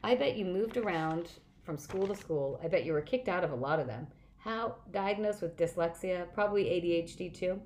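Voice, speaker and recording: A woman's voice: on the low side, moderate pace, few pauses, a little mellow, natural voice. A woman reading aloud, voicing a clever, earnest teenage girl who patiently explains things.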